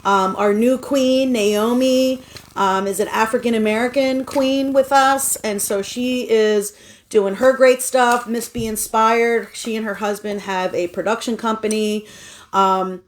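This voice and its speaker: A chatty woman, talking as a guest in a relaxed interview. Her voice sits a bit high, and she tells her stories in an upbeat, animated way. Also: unhurried, slight background noise. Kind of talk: casual conversation.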